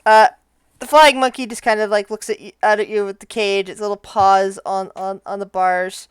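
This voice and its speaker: Woman game master describing the scene, smooth clear voice, dry sound, lots of little restarts. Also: mid-range voice, steady tone, no echo. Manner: casual, halting descriptive narration. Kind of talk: narrating a tabletop game.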